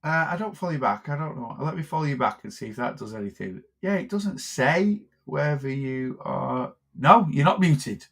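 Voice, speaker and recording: A man's voice: fairly high pitch, animated, normal speed, creaky, hardly any pauses, a bit bright. A man, a weight loss coach, chatting casually on a phone live stream, rambling with lots of fillers and restarts.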